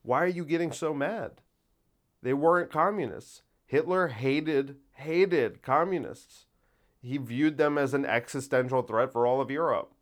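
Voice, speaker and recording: A man's voice: medium pitch, measured pace. A man talking in a casual solo monologue, rambling and wry, often interrupting himself.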